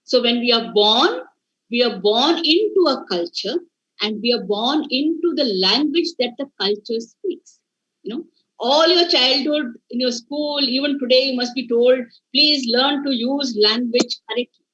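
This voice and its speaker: High-voiced woman lecturing over a video call. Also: animated, a little slow, a bit bright, slightly rough. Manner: discursive, asks the class rhetorical questions. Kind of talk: online faculty workshop lecture. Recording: dull lo-fi video call audio.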